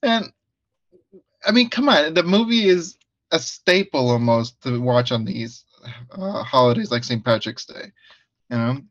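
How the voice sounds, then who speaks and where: A man's voice: mid-range voice, very animated, a little slow, long pauses, dry recording. Chill guy from guatemala cohosting a movie podcast, laughs a lot, kinda muffled dry sound. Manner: laid-back, laughs easily, repeats himself. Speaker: podcast co-host. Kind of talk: casual movie review chat.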